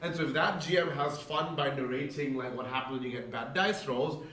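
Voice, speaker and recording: At an event space, a presenter gives a chatty talk to game masters, tagging lines with "right?" and acting out quotes. His medium-pitched voice is a little fast and fairly bright, heard from far off in an echoey hall with faint room noise.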